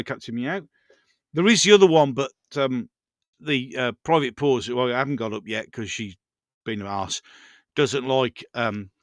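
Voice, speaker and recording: A man's voice: mid-range voice, a bit bright, no room sound, studio quality. A man hosting a casual live stream, rambling through viewer comments and chatting to his pets.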